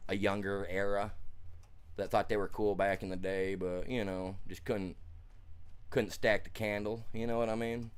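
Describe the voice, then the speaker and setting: A man's voice: lowish voice, level tone, moderate pace, clear, resonant tone. A man streaming a game, telling a heated story in a blunt, colloquial way, full of restarts and fillers. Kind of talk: casual chat while streaming a game.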